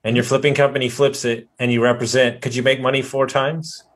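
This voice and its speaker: A male podcast host with a mid-range voice turns to his listeners to recap, slowing down to stress key points. He speaks in an emphatic, engaged tone. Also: mid-range voice, level tone. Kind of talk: podcast interview.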